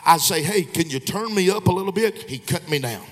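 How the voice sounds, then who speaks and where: A man, an evangelist preaching a revival sermon, moving between quiet storytelling and shouted exhortation. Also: sits high, expressive, a little fast, in a large hall. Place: church sanctuary. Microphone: handheld microphone.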